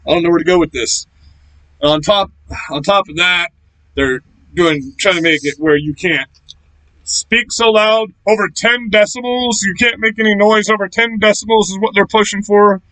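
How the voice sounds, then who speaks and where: Filming in a small shack, a political vlogger from Florida delivers a profane, furious rant, loud and confrontational throughout. His pitch sits high and his pace is moderate, and the recording is rough and dry.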